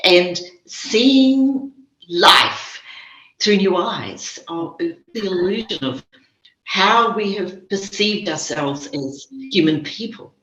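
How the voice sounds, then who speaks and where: Bright-voiced New Zealand woman, echoey. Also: medium pitch, lively intonation, slow. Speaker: spiritual teacher guest. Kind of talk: reflective interview conversation. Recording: dull echoey recording.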